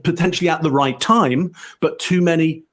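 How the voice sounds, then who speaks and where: A man on a panel breaking down body language, explaining step by step in a measured, emphatic way. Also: fairly high pitch, a bit bright. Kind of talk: analytical commentary.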